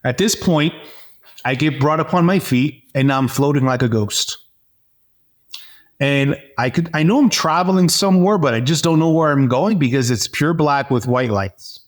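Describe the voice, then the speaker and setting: Man telling an animated personal story. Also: on the high side, moderate pace. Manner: animated storyteller, acts out dialogue; hesitant fillers and restarts. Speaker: interview guest. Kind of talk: personal testimony in conversation.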